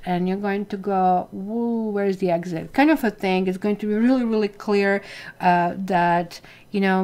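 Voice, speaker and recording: A woman's voice: medium pitch, warm tone. A woman giving a casual tarot reading, talking straight to her viewers in a chatty way. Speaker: tarot reader.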